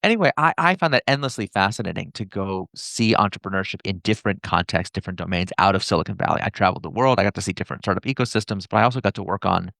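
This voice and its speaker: Man, interview guest, low gravelly voice, rapid animated storytelling. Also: no room sound, clean studio sound. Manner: fast, animated storyteller who acts out quoted dialogue. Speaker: entrepreneur and author, podcast guest. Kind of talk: casual interview talk.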